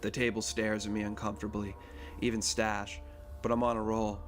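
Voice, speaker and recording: A man reading a first-person novel aloud in a steady, even manner. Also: lowish voice, moderate pace, faint music behind. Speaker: reader.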